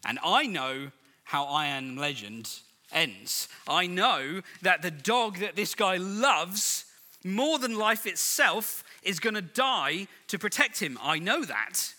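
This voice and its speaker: A middle-aged man gives a sermon with a bright, forceful, somewhat high voice. He tells stories in a chatty, humorous way to his congregation. Long reverb from a large church hall hangs around his words. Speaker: preacher.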